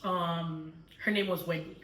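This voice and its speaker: A woman's voice: on the low side, steady tone, unhurried, a bit bright, slight background noise. A woman recapping a book in a casual chat, telling the story with lots of fillers. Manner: chatty storytelling with many fillers. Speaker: book club host. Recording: echoey room, far from mic.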